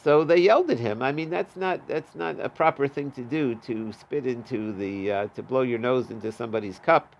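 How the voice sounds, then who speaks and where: Guy teaching talmud, reads the aramaic then explains it loose and chatty, kinda gravelly voice. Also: medium pitch, normal speed, few pauses, highs cut off. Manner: reads Aramaic text and translates it in a casual way. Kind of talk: daf yomi Talmud class.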